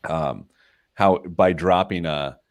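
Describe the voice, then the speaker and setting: Speaking slowly in a low-pitched voice, a radio show host who works as a financial planner casually mocks himself through personal anecdotes, laughing at his own jokes.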